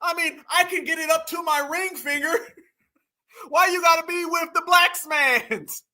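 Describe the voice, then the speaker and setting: A man putting on the voice of a jealous, wounded man, whining and half-sobbing with cracking laughter in a slowed, mocking delivery. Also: extremely high pitch, pushed and bright, pitched above the performer's own voice, full character voice. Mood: whiny jealous.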